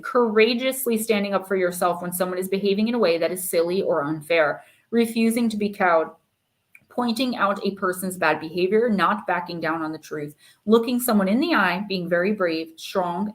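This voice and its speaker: A woman hosting a live-stream oracle card reading, speaking casually with frequent fillers and reading card meanings aloud. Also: medium pitch. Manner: chatty, reads card text aloud, many fillers.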